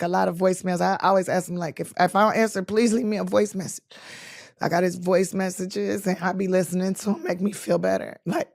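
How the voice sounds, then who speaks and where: A woman guest telling personal stories in an interview, animated and quick to act out the voices of the people in them. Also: mid-range voice, no echo, studio quality. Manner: animated storyteller acting out quoted voices. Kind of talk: storytelling interview.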